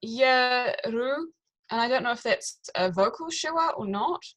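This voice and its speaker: A woman's voice: a little high, animated, moderate pace, fairly bright tone, rough recording. A woman student in an online language class, answering tentatively and thinking aloud.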